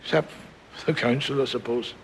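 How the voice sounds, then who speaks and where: An actor playing an older grandfather from Belfast, telling stories with dry humour and gentle warmth. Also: mid-range voice, fairly even intonation, moderate pace, a little hiss or hum, lightly acted. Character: wry, warm-hearted old Belfast grandfather.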